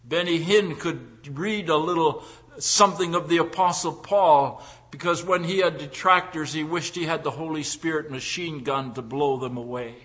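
Bright-voiced emphatic male preacher. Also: a little high, normal speed, husky. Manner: emphatic, swings from loud declaring to hushed pleading; repeats and restarts words mid-phrase. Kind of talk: sermon.

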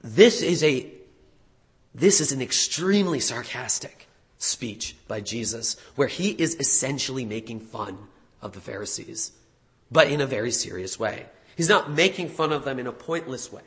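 A man preaching a sermon in a conversational way, correcting himself at times and stressing words with animated emphasis. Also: medium pitch, moderate pace.

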